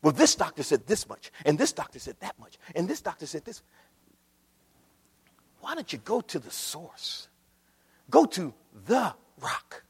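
A male pastor delivering a sermon in a church. His voice sits high and moves all over the place, falling to near-whispers before climbing to full shouts. A long reverb trails every phrase. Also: sing-song, measured pace, pauses often, breathy edge. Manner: preaching with swings from quiet to shouting.

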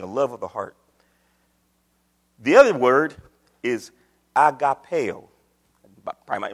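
Animated preacher in a reverberant church. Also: male voice. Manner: animated preaching, pitch leaps on questions, folksy talk. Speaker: pastor. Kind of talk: sermon. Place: church sanctuary. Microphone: microphone on a stand.

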